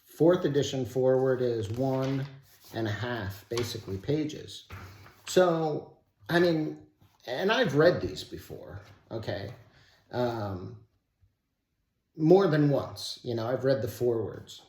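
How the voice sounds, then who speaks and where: Man, study-group host, reads a passage then rambles casually with some cursing; mid-pitched, echoey room. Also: lively intonation, slow, darkish tone. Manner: loose, rambling asides with swearing. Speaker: host of a daily recovery-book study. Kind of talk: reading aloud with casual commentary.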